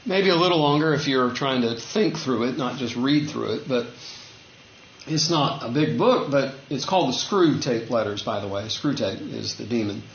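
Preacher in an echoey, dull-sounding room. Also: male voice, slight background noise. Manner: conversational, acts out quoted dialogue with rising pitch. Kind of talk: sermon.

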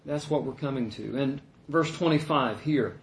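A man preaching a sermon as a pastor, earnest and emphatic, pausing often with "uh". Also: mid-range voice. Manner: earnest, emphatic teaching with frequent "uh" pauses. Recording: echoey room.

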